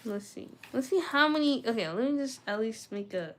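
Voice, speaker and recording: A woman's voice: a little high, lively intonation, a little fast, background noise. Chatty young woman reading aloud with retainers in. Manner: chatty, self-talking, reads aloud with stumbles. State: talking with retainers in. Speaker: study vlogger. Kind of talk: casual study-with-me chat and reading aloud.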